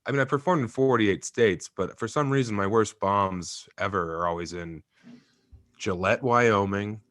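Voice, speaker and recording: A young adult man, a stand-up comedian, chats casually in an interview, with a voice that sits a little low. He tells stories with gusto, laughs often and slips into mimicking other people's voices. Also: moderate pace, fairly bright tone, dry recording, studio quality.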